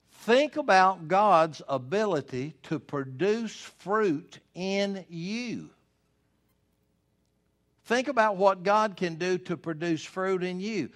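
A man's voice: fairly high pitch, a bit bright. A man preaching a sermon as pastor, earnest and pleading, his voice climbing when he voices prayers.

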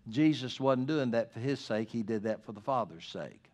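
A man's voice: animated, normal speed. Earnest preaching man. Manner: earnest preaching, swings from loud emphasis to low hushed asides. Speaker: pastor. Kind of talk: sermon.

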